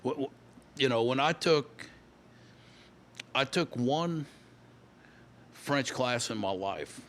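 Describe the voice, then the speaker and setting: A man's voice: mid-range voice, lively intonation, slow, fairly bright tone. A man, telling stories as a guest in a casual interview, often repeating and restarting words. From Louisiana. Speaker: guest musician.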